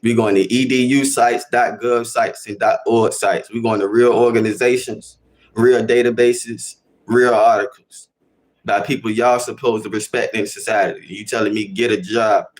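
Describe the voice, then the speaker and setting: A young Chicago-accented man hosts a casual livestream, talking to his chat in slangy, animated bursts and repeating himself for emphasis. His voice sits lowish and moves at a normal speed.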